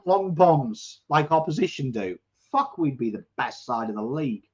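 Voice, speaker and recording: Coarse-voiced English man, excitable. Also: fairly high pitch, normal speed. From England. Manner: chatty, excitable, swears, bursts into shouts at play. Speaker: watchalong host. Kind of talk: live football watchalong chat, reading viewer comments. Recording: dull lo-fi stream audio.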